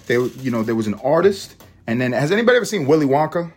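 A man hosting a solo podcast, ranting and rambling in a profane, animated way. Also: mid-range voice, fast talker, breathy edge. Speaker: podcast host.

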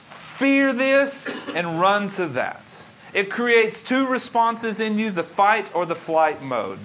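A man's voice: high-pitched, a bit bright, slight background noise. A male pastor delivering a sermon with an emphatic, repetitive preaching cadence. His voice sits a little above the usual male range. He builds his points through rhythmic repetition.

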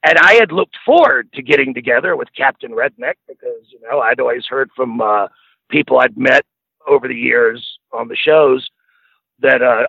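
A man's voice: mid-range voice, moderate pace, vocal fry, breathy edge, no room sound, narrow, tinny audio. A man, a former wrestling manager, telling long profane anecdotes as a podcast guest, laughing as he goes. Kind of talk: casual storytelling.

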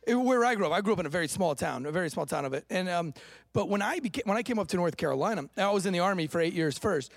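Host from Florida, chatty and halting; gravelly voice, dry close sound. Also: male voice, high-pitched, expressive, no room sound. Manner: halting, restarts often, chatty. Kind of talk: casual chat.

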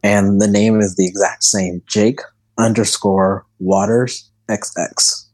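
A man's voice: fairly low pitch, little pitch movement, slow pace, a little mellow, no room sound. A male podcast guest giving short, easygoing answers while out of breath.

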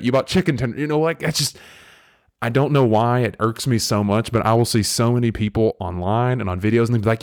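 A man from the American South hosting a podcast, talking in a rambling, animated way with lots of restarts. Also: mid-range voice, fast talker, no room sound, clean studio sound. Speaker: podcast host. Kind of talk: casual podcast chat.

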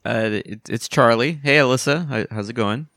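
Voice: medium pitch, normal speed, fairly bright tone, voice pushed down, natural voice. A performer playing an awkward, stammering teenage boy in an improvised comedy role-play. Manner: hesitant, stammering.

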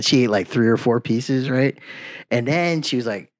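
A man's voice: medium pitch, lively intonation, fairly quick. A man, a podcast guest, chatting casually and telling long stories, often adding "man" and "you know". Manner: rambling storyteller, peppers talk with "man" and "you know".

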